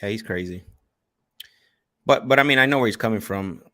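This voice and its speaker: A man with a lowish voice chats casually on a video call as a real estate investor on a practice panel. He is laid-back and agreeable, and keeps calling the others bro. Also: fairly quick, fairly bright tone. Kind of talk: casual chat.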